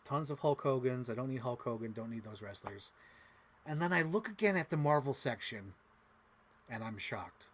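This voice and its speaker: A young man chatting casually as a toy collector, rambling, excitable and swearing freely. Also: fairly high pitch. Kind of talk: casual unboxing chat.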